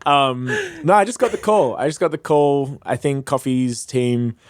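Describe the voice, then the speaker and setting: A man who is a freestyle MC, chatting as a podcast guest, telling lively stories with frequent laughs and acted-out quotes. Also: medium pitch, moderate pace, dry recording, clean studio sound. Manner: lively, laughs often, acts out quoted voices. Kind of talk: casual storytelling chat.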